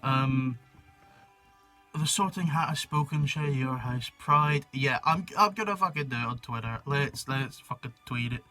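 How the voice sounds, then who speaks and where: A young man talking slowly and loosely to his viewers, with a bright, forceful edge to his voice. He rambles, swears freely and throws in jokey asides. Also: mid-range voice, faint music behind. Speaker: YouTuber. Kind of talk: casual chat reading a website on camera.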